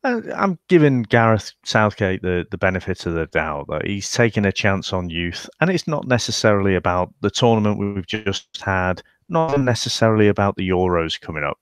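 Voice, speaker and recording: A man's voice: lowish voice, normal speed, few pauses, smooth, no echo, clean studio sound. A man co-hosting a football podcast, chatting casually and giving strong opinions. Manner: opinionated, animated storytelling. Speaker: podcast co-host.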